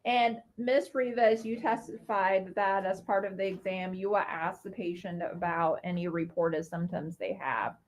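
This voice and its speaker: A woman prosecutor questioning a witness in court, with methodical, measured questions. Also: fairly low pitch, steady tone. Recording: dull lo-fi courtroom feed.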